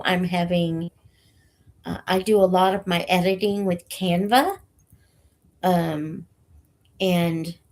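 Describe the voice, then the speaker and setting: Slow-talking woman host with a cold. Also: lowish voice. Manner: slow, halting, with many fillers. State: has a cold, short of breath. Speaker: channel host reading books aloud for students. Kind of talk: casual chat to viewers.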